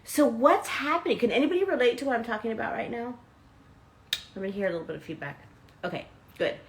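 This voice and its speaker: A woman hosting a live motivational self-help talk, chatting directly with her viewers. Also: mid-range voice. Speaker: host and self-help coach.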